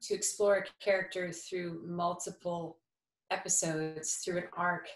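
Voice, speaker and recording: A woman's voice: on the low side, flat delivery, measured pace, reverberant, rough recording. A woman in her fifties from New Jersey with a slight New York accent, speaking thoughtfully and with animation in an interview, with many fillers and restarts. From New Jersey, USA. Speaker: actress, interview guest. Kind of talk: conversational interview.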